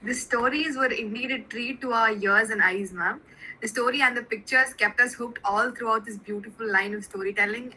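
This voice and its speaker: A woman's voice: a little high, pushed and bright, slight background noise, rough recording. A woman hosting an online webinar, giving formal thanks and introducing the next speakers. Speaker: webinar host.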